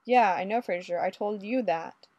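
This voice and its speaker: A woman's voice: mid-range voice, normal speed, a little mellow, no room sound, dull audio, lightly acted. A woman doing a blunt, streetwise cop. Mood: gruff. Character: blunt, streetwise undercover cop, adult man.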